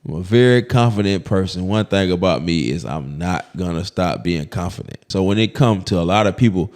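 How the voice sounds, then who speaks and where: Male comedian with an Alabama accent, animated and swinging in pitch, jumps into other people's voices mid-story. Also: a little fast. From Birmingham, Alabama. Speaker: comedian guest. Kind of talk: casual interview chat.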